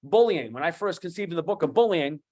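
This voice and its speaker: A man in his fifties with a Boston accent, speaking as a guest coach on an online talk show, animated and emphatic, repeating key phrases. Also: on the high side, fast talker. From USA. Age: 50s.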